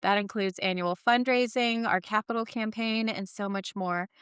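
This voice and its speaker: Woman, podcast host, enthusiastic, smooth clear voice, dry studio. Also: mid-range voice, fairly even intonation, normal speed, fairly bright tone, no room sound. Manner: upbeat, enthusiastic. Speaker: podcast co-host, school marketing director. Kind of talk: podcast hosting.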